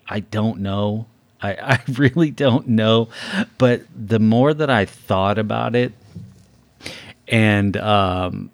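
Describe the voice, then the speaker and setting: Young guy with a deep voice on a podcast, kinda stumbly, dry close sound. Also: no echo. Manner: hesitant, stammering restarts. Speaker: podcast co-host. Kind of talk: casual chat.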